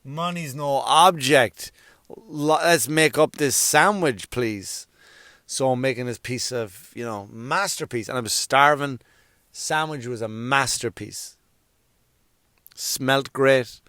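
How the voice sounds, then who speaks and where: A man's voice: medium pitch, slow pace, no echo, clean studio sound. A man hosting a comedy podcast, telling a rambling story and acting out the quoted lines. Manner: rambling, animated retelling with acted-out quotes. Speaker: podcast host. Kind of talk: casual comic storytelling.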